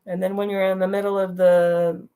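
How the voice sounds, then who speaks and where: A middle-aged woman speaks frankly and directly about hard times in her own life. Her voice sits at a middling pitch, and she laughs now and then through the difficult parts. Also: flat delivery, moderate pace, dark tone, clear, resonant tone. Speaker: guest sharing a personal story. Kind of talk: candid storytelling on a talk show.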